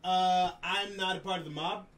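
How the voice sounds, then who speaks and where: A man from New Jersey co-hosting a podcast, telling stories in a lively, animated way and acting out the people he quotes. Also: sits high, normal speed. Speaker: podcast co-host. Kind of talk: casual chat, storytelling. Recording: roomy distant mic, faint ambience.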